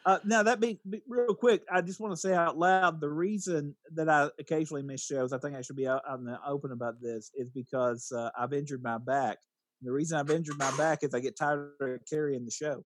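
A podcast co-host with a fairly high voice chats in a laughing, stammering way, cracking self-mocking jokes. The sound is close and dry. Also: male voice, fairly even intonation, a little fast, no echo. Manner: stammering, joking, laughs often. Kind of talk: casual chat.

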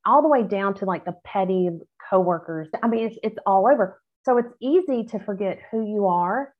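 A woman's voice: medium pitch, normal speed. A woman nurse talking in a casual podcast conversation, earnest and emphatic, speaking from a faith-centered outlook. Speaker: nurse guest. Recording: tinny phone-like line.

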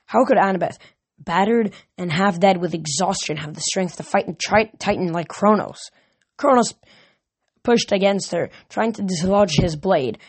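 A woman reading a novel aloud, now and then stumbling and restarting a word. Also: fairly low pitch. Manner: reads with small slips and restarts. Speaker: audiobook reader.

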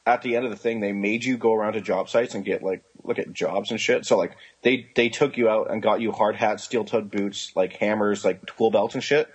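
A man's voice: lowish voice, fairly even intonation, fairly quick, hardly any pauses, breathy edge, lo-fi sound. A man in his twenties telling rambling, profane stories as a podcast co-host, acting out the voices of people he quotes. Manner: rambling storytelling, heavy swearing, acts out quoted voices. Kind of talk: casual chat.

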